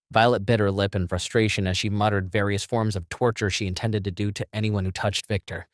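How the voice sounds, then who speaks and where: A man reading a fantasy audio story in a steady, even storytelling manner. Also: fairly low pitch, brisk, few pauses, no room sound, studio quality. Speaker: narrator. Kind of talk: scripted narration.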